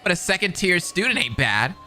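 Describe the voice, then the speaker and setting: A smug, callous boy, voiced by a fan dubber in a fan-made game. He mocks everyone around him in a bright, sneering voice. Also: medium pitch, big pitch swings, a little fast. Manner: smug, mocking.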